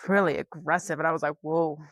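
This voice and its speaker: A woman's voice: medium pitch, fairly quick, no room sound, studio quality. A woman co-hosting a podcast, chiming in with teasing comments and laughter. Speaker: podcast co-host. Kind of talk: casual chat.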